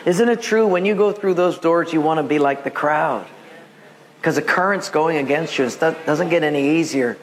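A man preaching a sermon as pastor, telling stories with lively acted-out voices. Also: a little high, normal speed. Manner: animated storytelling, acting out voices.

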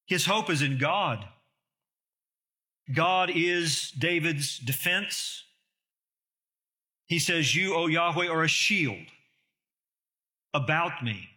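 A man's voice: on the high side, bright, forceful tone. A man preaching an expository sermon, earnest and emphatic, with rhetorical questions to the listeners.

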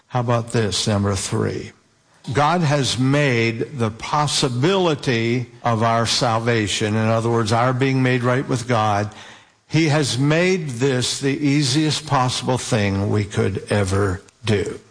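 A man delivers a sermon at an unhurried, measured pace. His voice sits at an ordinary pitch, and he presses his points home by drawing out scripture quotes and repeating key words. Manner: deliberate, emphatic preaching, slowing down on scripture quotes. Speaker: preacher.

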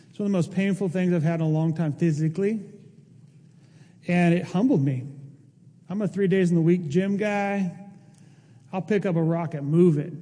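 High-voiced impassioned male pastor. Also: big-room sound. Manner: impassioned preaching, rising to near-shouts. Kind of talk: sermon.

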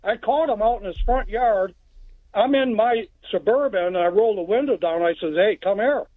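A high-pitched man calls in from Texas and tells a rambling, plainspoken story at normal speed, backing up and restarting along the way. The phone line is tinny, with no echo.

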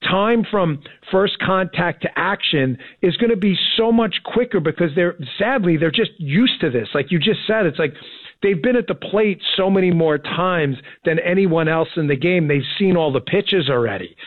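An excited man in his forties rambles through a radio interview, full of restarts. His voice sits fairly high and comes through thin and tinny, like a phone line, with no room sound at all. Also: moderate pace, no echo. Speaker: former Secret Service agent guest.

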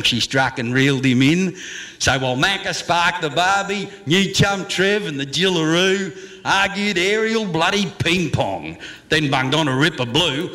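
A man's voice: a little high, bright, forceful tone. A man with an Australian accent reciting comic slang verse in a rollicking, theatrical way.

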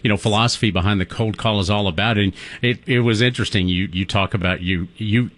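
A middle-aged man hosting a casual interview, friendly and quick to laugh. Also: on the low side, steady tone, fairly bright tone. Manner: friendly, laughs easily, chatty. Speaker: interview host.

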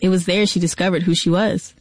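Dry, measured woman reporter narrating. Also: on the low side, no room sound. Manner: measured, even storytelling. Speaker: radio reporter. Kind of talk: scripted narration.

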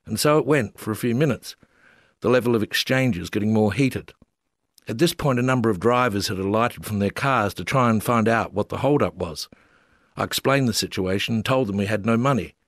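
A man's voice: on the low side, brisk, no echo, clean studio sound. Wry Australian man reading a memoir. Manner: wry, self-mocking storyteller. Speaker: memoir narrator. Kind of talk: reading a humorous travel memoir.

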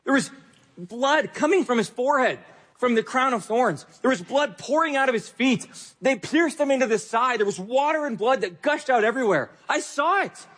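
A preacher voicing a grieving young woman at a tomb, asking anguished, pleading questions in a husky voice. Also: very high voice, animated, normal speed, a bit bright, big-room sound, pitched above the performer's own voice, full character voice.

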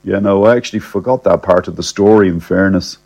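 A man telling a comic first-person story in a cheeky, deadpan, slangy way. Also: low-pitched, a little fast, vocal fry.

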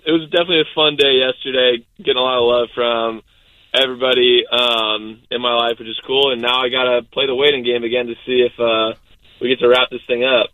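A young adult man, a baseball pitcher, chatting casually as a guest, rambling with many fillers. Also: flat delivery, a little fast, bright, forceful tone, no room sound, muffled recording. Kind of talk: casual interview chat.

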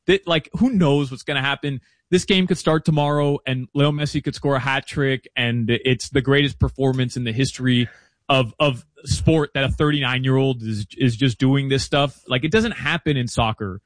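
A man chatting as a guest analyst about soccer betting, chatty and animated with quick asides. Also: mid-range voice, no echo. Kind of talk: casual interview chat.

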